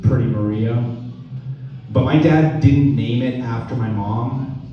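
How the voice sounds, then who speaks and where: A young man doing a stand-up comedy set, with deadpan delivery and slow-landing punchlines. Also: medium pitch, muffled recording, faint music behind. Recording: echoey room from far off the mic.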